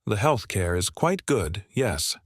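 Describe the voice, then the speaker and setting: A composed, gentle gentleman answers with quiet courtesy, voiced by a man narrating the story. His voice sits low and sounds dry and close. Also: sing-song, slow, breathy edge, dry recording, heavily acted. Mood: polite. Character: calm polite wealthy man.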